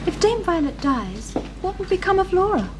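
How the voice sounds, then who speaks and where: A woman's voice: very high voice, very animated, moderate pace, background noise. An actress playing an earnest, well-bred young woman who speaks politely and with concern. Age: young adult. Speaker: granddaughter of the household.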